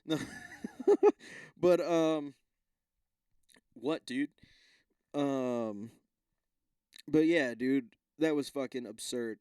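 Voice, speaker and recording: A man's voice: on the high side, a little mellow, clean tone, no echo, studio quality. A man hosting a podcast alone, rambling casually with lots of swearing, restarts and asides. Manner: rambling, profane, self-interrupting. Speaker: podcast host. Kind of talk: casual solo rant.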